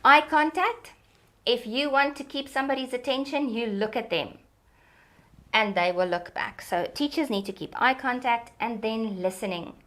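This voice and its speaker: Woman, fairly high voice, animated, teacherly, interview guest. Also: normal speed. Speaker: early childhood development expert. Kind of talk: explanatory interview talk.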